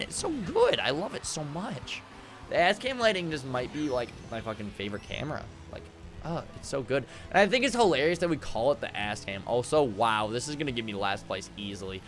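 A young man streaming a game from a home room with acoustic foam, rambling excitably, swearing and laughing often. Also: mid-range voice. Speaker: gaming streamer. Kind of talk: casual live-stream commentary while gaming.

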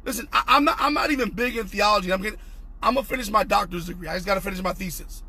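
Young male preacher, high husky voice, fervent and repetitive online sermon with shouted peaks. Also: rapid-fire. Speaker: pastor.

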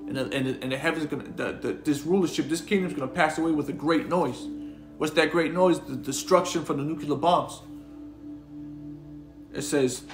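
A street preacher with a somewhat high male voice delivers an informal sermon at normal speed, reading scripture aloud and talking in slangy, conversational fashion with lots of repeated words. The sound is roomy, with music playing in the background.

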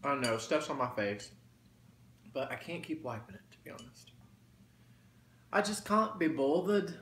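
A man's voice: mid-range voice, sing-song, measured pace, fairly bright tone. A man chatting casually to viewers while eating, folksy and talkative. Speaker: mukbang vlogger. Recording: roomy echo, faint background noise.

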